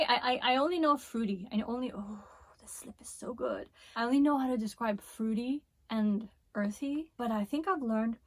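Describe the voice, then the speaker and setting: A hair care vlogger with a Spanish accent and a slightly high voice chats enthusiastically through a hair product review, full of laughs and asides. There is no room sound.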